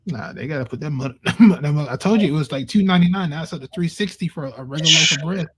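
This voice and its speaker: A man chatting casually on a livestream in a laid-back, halting way. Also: fairly high pitch, a bit bright.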